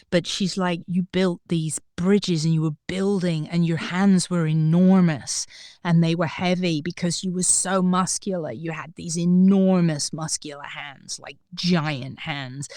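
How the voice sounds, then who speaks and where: A woman guest on a podcast, telling a personal story in an animated way and acting out the voices of the people in it. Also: fairly low pitch, no echo, studio quality. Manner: animated, acts out quoted voices. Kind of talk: storytelling in an interview.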